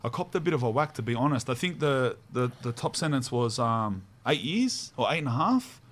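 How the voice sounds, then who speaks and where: A man's voice: mid-range voice, big pitch swings, a little fast, a bit bright. A man with an Australian accent hosting a podcast, telling stories in a casual, slangy way with laughs. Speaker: podcast host. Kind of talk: casual storytelling chat.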